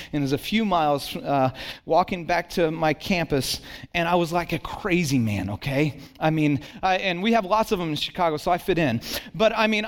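A middle-aged man delivers a sermon in a fairly high voice. He tells his story with lively energy, then drops to hushed, earnest moments as he presses his point to the congregation. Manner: animated storytelling, swings between excited and hushed. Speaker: pastor.

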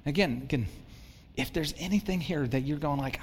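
A man's voice: on the high side, normal speed, slight background noise. A man, a pastor, giving a conversational sermon, self-deprecating and acting out the voices of worried people.

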